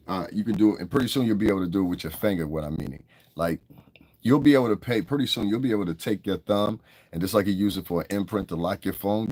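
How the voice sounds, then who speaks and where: A man hosts a casual livestream and speaks bluntly, with constant swearing and frequent laughter. His voice sits very low. The sound is dry and close, with no room echo. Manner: blunt, profane, laughs often, answers chat. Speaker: livestream host.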